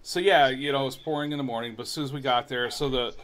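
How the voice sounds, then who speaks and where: Middle-aged man telling a relaxed story. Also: medium pitch, quick pace, slight background noise. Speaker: co-host of a live online show. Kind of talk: casual chat.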